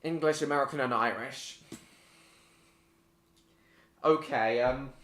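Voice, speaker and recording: A man's voice: medium pitch, slow pace, fairly bright tone, echoey room. A man chatting casually on a live stream while gaming, answering viewers by name with many hesitant ums.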